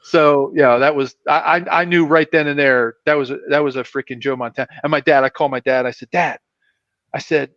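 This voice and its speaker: A man's voice: fairly high pitch, fast, few pauses, dry recording. A man, a former pro football player, telling stories as a guest on a casual fan show, acting out the voices of the people in them. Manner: animated, acts out voices in his stories. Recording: dry, dull lo-fi sound.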